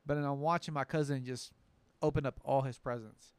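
Animated man telling stories on a podcast. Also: medium pitch, a little fast, smooth, no room sound. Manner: animated storyteller, acts out quoted voices. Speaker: podcast co-host. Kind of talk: casual chat.

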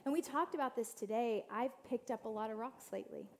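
A woman's voice: fairly high pitch, quick pace. Storytelling woman speaking to a church crowd. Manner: storytelling, addresses the audience directly; acts out quoted family voices. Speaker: guest speaker. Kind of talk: inspirational church talk.

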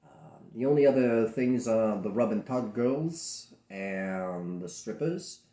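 A man producing adult films, speaking bluntly and profanely in a candid interview, telling animated stories from his own studio. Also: lowish voice, slow pace. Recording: roomy echo.

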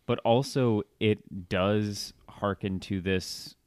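A man co-hosting a casual fan discussion, speaking in a measured, analytical way. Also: on the low side, steady tone, no room sound, clean studio sound. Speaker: podcast co-host.

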